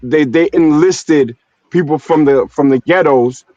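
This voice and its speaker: A man from New York City chats loosely in heavy slang, leaning on filler phrases as he tells his stories. His voice sits a little high. The stream sound is muffled and dry. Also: measured pace, mellow, no echo. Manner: loose, slangy storytelling with frequent "you know what I'm saying". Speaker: stream host. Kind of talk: casual streamed conversation. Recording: dull, dry streamed audio.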